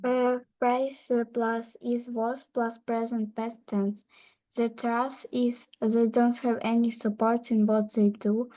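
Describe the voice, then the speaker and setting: A woman learner reads grammar examples aloud over a video call, stopping and restarting on harder words. Her voice is fairly high but flat and mellow, and she moves very slowly. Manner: hesitant, halting, stumbles on words. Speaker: English learner. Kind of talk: reading aloud in a lesson.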